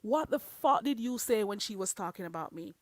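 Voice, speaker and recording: A woman rants straight at her viewers on her own channel. She swears constantly and hammers the same lines again and again. Her voice sits at a middle pitch, recorded dry with no room echo. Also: animated, fairly quick. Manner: profane, confrontational, repetitive. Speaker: channel host. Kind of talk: vlog rant at viewers.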